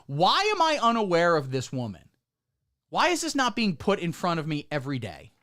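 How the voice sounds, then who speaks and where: Sarcastic man with a lively swinging voice. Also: normal speed. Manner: sarcastic, swings between deadpan mutters and sudden squeaky outbursts. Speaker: streamer. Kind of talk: satirical livestream commentary.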